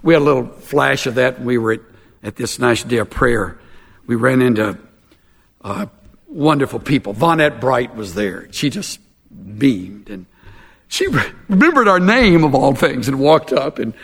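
A pastor preaching a sermon in a folksy, animated way with self-mocking humor. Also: male voice, mid-range voice, moderate pace, creaky, husky, big-room sound.

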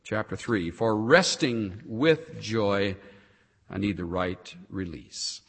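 A man preaching a sermon, swinging between loud, emphatic passages and soft, quiet asides. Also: lowish voice, slow, breathy edge, big-room sound.

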